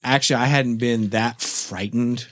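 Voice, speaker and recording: A middle-aged man co-hosting a podcast, telling a story in casual chat, animated and swearing, acting out his own shouts. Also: mid-range voice, measured pace, dry recording, clean studio sound. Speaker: podcast co-host.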